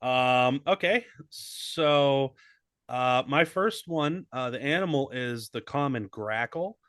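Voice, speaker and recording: A man's voice: medium pitch, lively intonation, takes it slowly, a bit bright, no room sound. A man co-hosting a casual comedy podcast, joking crudely and riffing. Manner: joking, crude, slips into mock English accent. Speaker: podcast co-host.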